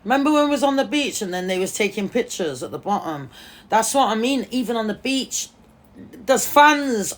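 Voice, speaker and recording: A woman's voice: fairly high pitch, normal speed. A woman chatting casually on a phone livestream, swearing freely and calling people darling. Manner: swears a lot, animated, calls people darling.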